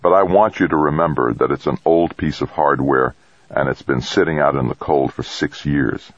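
A firm, commanding leader who lays down the rules with restraint, as a man reads him. The voice is deep and husky, recorded dry and a little dull. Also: moderate pace, dry recording.

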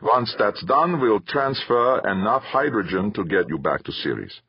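A man voicing a smug, leering spaceship captain with a smooth, falsely friendly manner, in a dull, dry lo-fi recording. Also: fairly low pitch, sing-song, unhurried, no room sound, voice pushed up, heavily acted.

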